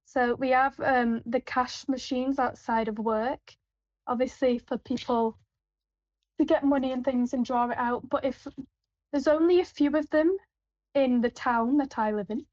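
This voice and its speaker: A woman's voice: sits high, steady tone, unhurried, a little mellow, no echo. A woman working on supermarket tills, chatting casually with a rambling manner full of fillers and restarts. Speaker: supermarket till worker. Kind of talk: casual anecdotal chat. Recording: dull, lo-fi, dry.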